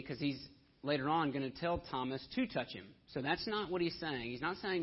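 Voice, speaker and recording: A man preaching a sermon, swinging between hushed and loud delivery. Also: fairly high pitch, expressive, a little fast, slightly rough. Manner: dramatic shifts between soft and loud delivery. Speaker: pastor. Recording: dull lo-fi sound.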